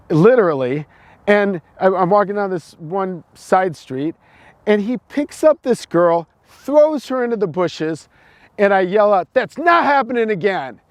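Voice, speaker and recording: A man's voice: high-pitched, darkish tone, no echo. A middle-aged man from the United States, giving a preachy opinion monologue full of restarts and repeated words. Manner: repetitive, preachy, stumbling restarts.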